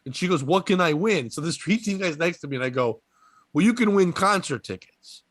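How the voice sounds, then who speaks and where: A man's voice: on the high side, animated, brisk, a bit bright, no echo. A young adult man telling rambling, profane comedic stories in casual chat, laughing often. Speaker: podcast guest storyteller.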